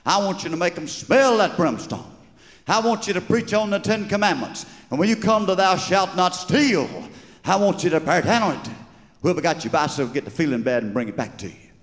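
A man's voice: high-pitched, expressive, fairly quick, pitched above the performer's own voice. A man doing an exhorting Southern young preacher. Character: earnest young male Methodist preacher giving advice. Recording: live stage recording with long reverb.

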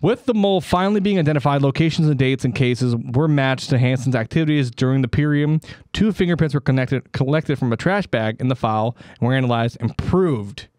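A man co-hosting a comedy podcast, reading out a story in a casual, offhand way. He trips over names and tosses in jokes as he goes. His voice sits at a middling pitch and sounds dry and close to the mic. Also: brisk, few pauses, a little mellow, no room sound. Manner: stumbling over names, joking asides. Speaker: podcast co-host.

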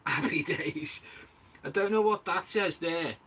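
Slow and a little high-voiced, the man talks over background noise as he streams from his small indoor bait and tackle shack. He keeps it casual, replying to the live chat between tasks and addressing viewers as mate.

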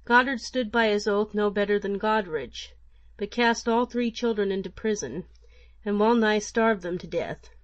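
A woman narrating an old folk tale for an audiobook in a measured, even manner. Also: mid-range voice, dry recording, highs cut off.

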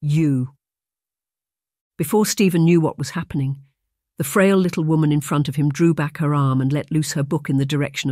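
A man narrating a novel in a measured, even reading. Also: a little high, no echo, studio quality. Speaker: audiobook narrator. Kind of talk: scripted narration.

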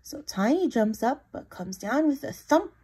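A woman teacher reading a picture book aloud to children, expressive and asking the listeners questions. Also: high-pitched, unhurried, breathy edge. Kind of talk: read-aloud storytelling for children.

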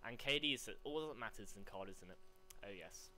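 A young man commentating live on his gameplay, rambling between chat and excited yelps. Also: lowish voice, brisk, slight background noise. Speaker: gaming commentator.

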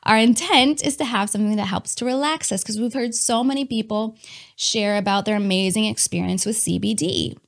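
A woman telling a personal testimony in a candid, animated way, talking to her listeners as y'all and laughing between lines. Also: medium pitch, brisk. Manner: chatty with many fillers and laughs.

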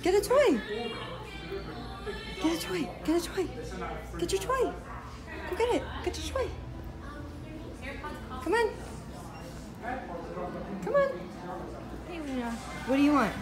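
A young woman with a very high voice speaks in sing-song baby talk, urging her dog over and over. Her short, repeated commands sit over clearly audible music. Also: big pitch swings, takes it slowly, long pauses. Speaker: dog owner. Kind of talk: coaxing her dog in a pet store. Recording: music playing behind.

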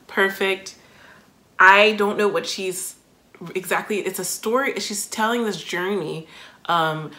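A woman hosting a music reaction video, giving thoughtful, emotional first impressions with frequent pauses and fillers. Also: lowish voice, bright, forceful tone. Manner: thoughtful, emotional, many fillers and self-interruptions. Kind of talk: casual reaction commentary.

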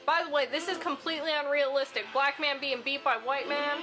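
A woman's voice: sits high, steady tone, a little fast, music in the background. A woman giving chatty, profane commentary while playing a video game. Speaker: gaming streamer. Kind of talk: casual let's-play commentary.

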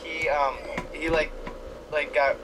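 A man's voice: fairly high pitch, little pitch movement, takes it slowly, a crowd in the background, low-quality recording. A man playing along in a gaming session, teasing his friends and telling rambling stories full of fillers. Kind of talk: casual let's-play chat.

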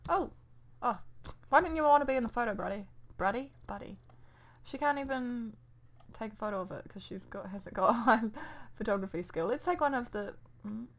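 A woman's voice: fairly high pitch, brisk. A young woman with a New Zealand accent rambling casually through gameplay commentary into a desk microphone at home, muttering to herself as she goes. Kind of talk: casual let's play commentary.

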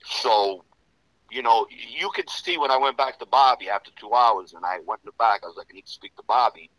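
Profane New storyteller, bright and dry. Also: male voice, mid-range voice, fairly quick, no room sound, rough recording. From Serbian Romanian background. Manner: profane, rambling, full of "you know". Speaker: interview guest. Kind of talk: casual storytelling interview.

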